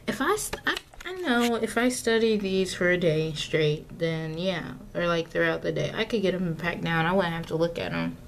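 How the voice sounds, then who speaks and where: Slow, rambling young woman vlogging. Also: on the low side, a little hiss or hum. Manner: rambling, self-correcting, lots of fillers and asides. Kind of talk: casual self-filmed vlog talk. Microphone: camera mic, self-filmed.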